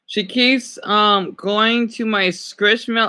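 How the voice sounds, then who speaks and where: A man's voice: sits high, bright, forceful tone. A man chatting casually on a livestream, gushing and drawing out his words. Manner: gushing, drawn-out swoops when cooing over dogs.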